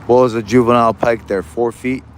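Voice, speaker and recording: A man's voice: medium pitch, fairly even intonation, brisk, slight background noise. A young man in Alaska chatting casually on a fishing livestream, rambling and easygoing with many restarts, recorded outdoors in the rain on a phone.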